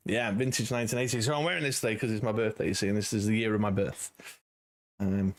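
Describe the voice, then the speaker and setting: A man in his forties from the United Kingdom livestreams casually from home, his lowish, steady voice moving at a quick pace. He rambles in a friendly way to viewers, leaning heavily on "you know."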